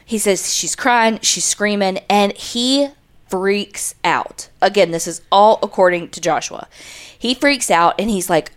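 A woman co-host recounting a true crime case in casual chat. She tells it with animated energy, curses freely, and keeps a conversational storytelling pace. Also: mid-range voice, unhurried. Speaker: podcast co-host.

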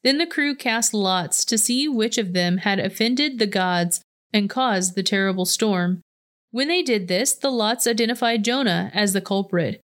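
Smooth-voiced woman reading scripture. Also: medium pitch, expressive, a little slow, fairly bright tone. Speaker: scripture reader.

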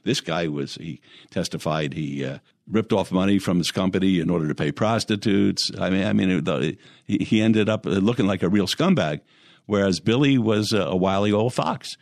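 An older man with a very deep voice, spinning long stories as an interview guest. He wanders through his tales, stopping often on "uh" and restarting his sentences. The sound is dry and close. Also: normal speed, gravelly, a little mellow, dry recording. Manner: rambling anecdotes with many fillers and restarts. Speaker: interview guest, former lawyer and mayor. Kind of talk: storytelling in conversation.

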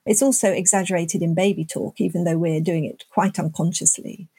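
A woman's voice: fairly low pitch, fairly even intonation, a little fast, mellow, breathy edge, no room sound. An older woman, a scientist guest, explaining her research thoughtfully in an interview. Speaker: neuroscientist guest.

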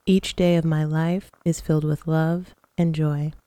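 A woman with a low, mellow voice leads listeners through guided affirmations. She talks slowly and calmly, with a soothing, steady manner. The recording is dry and close. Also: no room sound. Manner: slow, calm, soothing guidance. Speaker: podcast host.

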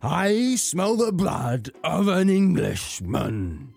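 A man's voice: on the high side, wildly swooping pitch, very slow, gravelly, a little mellow, slightly rough, pitched above the performer's own voice, heavily acted. A British man doing a roaring storybook giant. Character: huge roaring male giant, angry.

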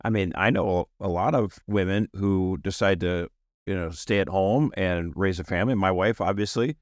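Animated man talking on a dry studio mic. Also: sits low, normal speed, dry recording. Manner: animated, laughs often, acts out quotes. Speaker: podcast co-host. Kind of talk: casual panel discussion.

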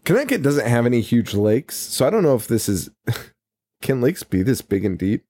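A man's voice: medium pitch, big pitch swings, moderate pace, warm tone, no echo. A man co-hosting a podcast, recapping a movie in casual, profane, rambling banter with frequent laughs. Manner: rambling, laughs often, swears freely. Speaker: podcast co-host.

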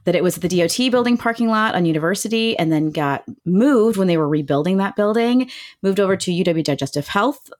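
A woman's voice: medium pitch, expressive, fairly quick. A woman, chatting enthusiastically as a guest about local food, with plenty of fillers. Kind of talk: casual chat.

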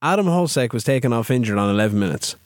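Man, podcast co-host, mid-pitched voice, fed-up sweary play-by-play, dry close sound. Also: lively intonation, quick pace, no echo. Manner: exasperated, sweary. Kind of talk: frustrated live game commentary.

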